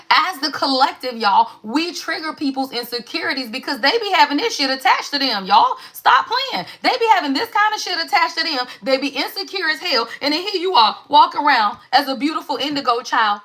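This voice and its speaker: High, bright preachy woman tarot reader. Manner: preachy, emphatic call-and-response, profane. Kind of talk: live tarot reading.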